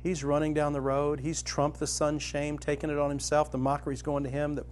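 A middle-aged man preaching a sermon, telling a personal story and retelling a parable, rising to loud excitement in the vivid parts and dropping soft in the tender ones. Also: fairly quick. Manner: storytelling, grows animated and loud when dramatizing, soft and low when tender.

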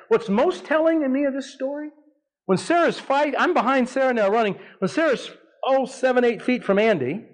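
A man in his fifties preaching a sermon, telling a family story with animated delivery and leaps of voice for dramatic quotes. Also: very high voice, low-quality recording.

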